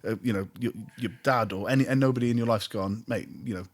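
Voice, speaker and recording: A man's voice: medium pitch, quick pace. A man hosting a podcast interview, asking probing questions in a loose, conversational way. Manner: conversational, many fillers and restarts, probing questions. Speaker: podcast host. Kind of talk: casual interview chat.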